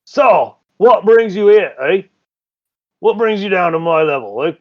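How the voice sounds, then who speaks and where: A man voicing a crude male drider, half drow and half spider, gruff and swearing, tagging lines with "eh". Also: sits high, animated, unhurried, no room sound, lo-fi sound, pitched above the performer's own voice. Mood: sly.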